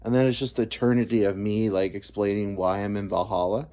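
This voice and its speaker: A man's voice: on the low side, little pitch movement, a little fast, warm tone. A man in his thirties, vlogging a rambling, profane comic monologue that drifts between topics. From United States. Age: 30s. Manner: profane, meandering, self-deprecating.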